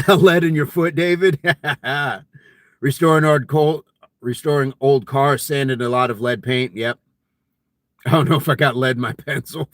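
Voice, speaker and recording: A man's voice: mid-range voice, fairly bright tone, no room sound, clean studio sound. A man hosting a casual fitness live stream, reading viewer comments aloud in a jokey, friendly way and laughing often.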